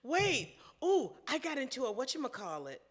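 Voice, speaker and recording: A woman's voice: high voice, normal speed, slightly rough. A middle-aged woman co-hosting a casual podcast chat, telling stories with lots of laughter. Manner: animated, laughing storyteller. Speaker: co-host.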